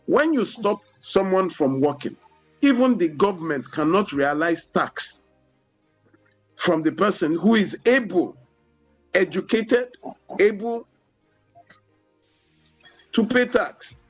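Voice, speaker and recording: A man with a Nigerian English accent speaks as a guest on a studio radio talk show. His voice sits somewhat high for a man, and he explains at a measured pace, leaning on "you know" as he goes. Soft music plays faintly underneath. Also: lively intonation, low-quality recording.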